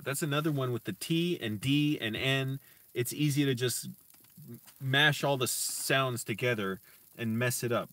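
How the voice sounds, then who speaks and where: A man teaching himself Spanish on a casual stream, slowly sounding out words and correcting himself, with chatty asides to viewers. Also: mid-range voice, a bit bright, far from the mic. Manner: slow deliberate sounding-out of words, self-correcting. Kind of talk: casual live-stream language practice.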